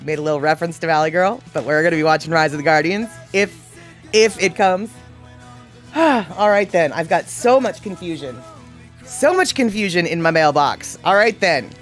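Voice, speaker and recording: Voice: medium pitch, animated, moderate pace, faint music behind. A livestream host in their forties chatting casually and reading viewer comments aloud, playfully exasperated.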